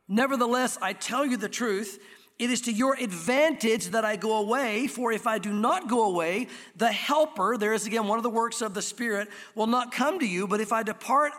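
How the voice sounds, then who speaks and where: Man, pastor, earnest sermon, stresses key words slowly, high voice, echoing sanctuary. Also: fairly bright tone. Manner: earnest, emphatic teaching, slows down on key words. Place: church sanctuary. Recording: long reverb of a church hall.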